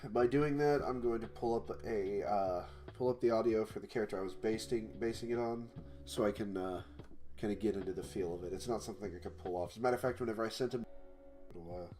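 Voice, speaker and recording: A man with a lowish voice chats loosely on a game dev livestream. He rambles, trails off and restarts his sentences, talking into a mic held off to one side. Faint music plays behind him. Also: a little fast, mellow. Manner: rambling, full of fillers and restarts. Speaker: indie game developer streaming. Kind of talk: casual livestream chat. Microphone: mic held off to the side, no pop filter.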